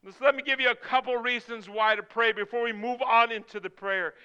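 A man preaching a sermon, swinging from hushed, slow prayer to shouted appeals. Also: very high-pitched, steady tone, clean tone, dull audio. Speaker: pastor. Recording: long hall reverb.

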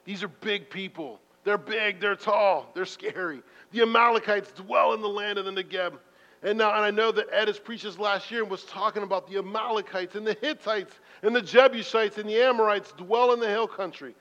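A man preaching a sermon in a church, telling stories in a conversational, self-deprecating way with sudden loud bursts. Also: high voice, moderate pace. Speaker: pastor. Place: church sanctuary. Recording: muffled reverberant hall recording.

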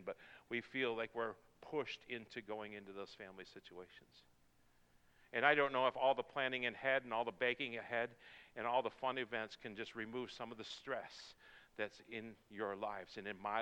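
A man preaching a sermon, swinging from hushed, slow prayer to shouted appeals. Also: medium pitch, smooth. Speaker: pastor. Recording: long hall reverb.

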